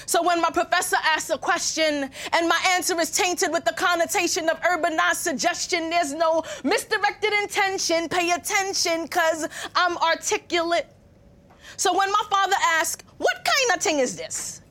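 A woman's voice: very high-pitched, sharp tone. A young woman performing a spoken word poem on stage, with a rhythmic, rhyming delivery that moves between registers. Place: stage before a live audience.

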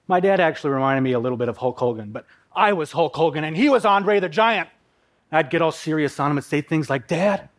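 A man with a slightly high voice tells his own story on stage. He paints scenes vividly and leans on dramatic pauses. He comes from the upper Midwest. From Minnesota, USA. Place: live talk on a stage.

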